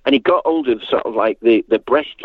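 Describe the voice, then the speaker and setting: A man's voice: mid-range voice, brisk, no echo. Man on a tinny phone line. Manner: animated storyteller, acts out voices, frequent restarts. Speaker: guest recalling a late friend. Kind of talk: rambling spoken reminiscence.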